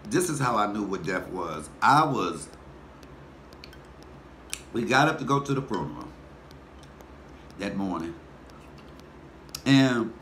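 A man, telling a personal story in a folksy, animated way while talking to his viewers. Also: on the low side. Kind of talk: casual storytelling mukbang. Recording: echoey room with faint background noise.

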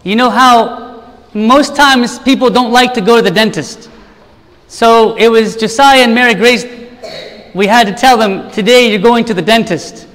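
Priest giving a sermon, high voice, rhetorical questions, echoing church hall. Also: male voice, moderate pace, a bit bright. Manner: earnest preaching with rhetorical questions and repeated lists.

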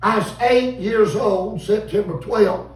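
A man, preaching a revival sermon in a folksy, animated storytelling way and calling out to the congregation. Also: high voice, slow pace. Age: 50s. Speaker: visiting preacher. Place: church sanctuary. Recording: echoey church room, mic at a distance.

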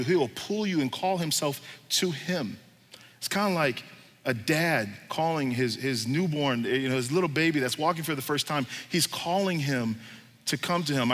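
Casual, slangy male pastor preaching; bright voice, long echo of a church hall. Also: on the high side. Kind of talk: sermon.

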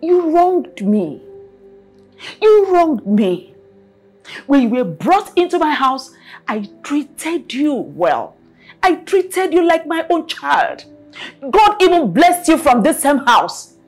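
A high-voiced, stern Nigerian mother who scolds in slow, drawn-out lines. Her pitch climbs and falls widely. Soft film music sits under the voice. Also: big pitch swings, exaggerated voice. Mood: scolding. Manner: scolding, repeats herself, long dragged words. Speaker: angry mother of the house. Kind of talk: Nollywood film acting.

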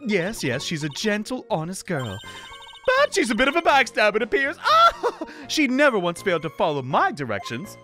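A man's voice: sits high, huge pitch swings, normal speed, fairly bright tone, soft background music, pitched above the performer's own voice, full character voice. A man voicing a chirpy elderly female nun who fusses sweetly about her aching back. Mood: sweetly chatty. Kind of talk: reading game dialogue aloud.

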